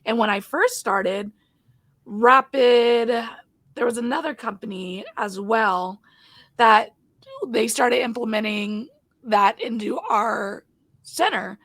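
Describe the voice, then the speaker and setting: High-voiced, animated woman host. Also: slow, dry recording, low-quality recording. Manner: animated, laughs often, plays out little scenes. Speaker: podcast host and 911 dispatcher. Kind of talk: casual podcast interview chat.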